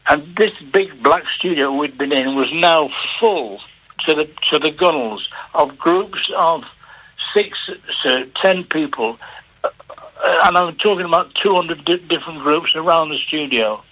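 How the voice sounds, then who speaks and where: An older man, a television producer, telling a story on the radio with halting repeats and lively delivery. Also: on the high side, rough recording. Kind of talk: anecdotal storytelling.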